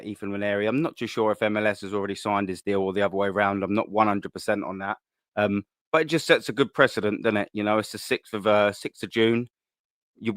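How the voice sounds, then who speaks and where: A man's voice: fairly low pitch, clear, resonant tone, no echo, clean studio sound. A man, hosting a live-streamed chat show in an upbeat, chatty way, repeating words as he goes. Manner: chatty and upbeat, repeats words, gives shout-outs to viewers. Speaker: fan channel host.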